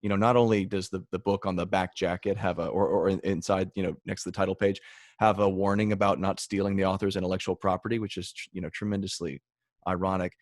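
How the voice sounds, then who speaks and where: A man co-hosting a podcast, laying out an argument in a measured way. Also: sits low, level tone, dry recording, clean studio sound. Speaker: podcast co-host. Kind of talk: casual discussion.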